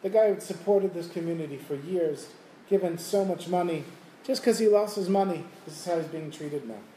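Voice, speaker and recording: A man telling a Hasidic story to a class, lively and chuckling, in a room with listeners. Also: high-pitched, normal speed, a little hiss or hum. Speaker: Torah teacher. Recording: roomy room, faint ambience.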